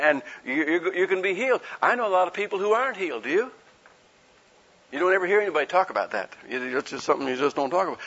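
A man with a high, husky, fairly bright voice preaches a sermon in a folksy, conversational style, captured in a dull lo-fi recording. He poses rhetorical questions to his listeners and acts out the people he quotes.

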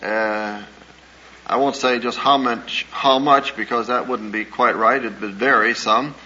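A man's voice: medium pitch, steady tone, bright, forceful tone. Earnest man preaching on an old recording. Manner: earnest, measured storytelling with hesitations. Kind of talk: sermon-style talk with anecdotes. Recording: dull lo-fi old recording with faint hiss.

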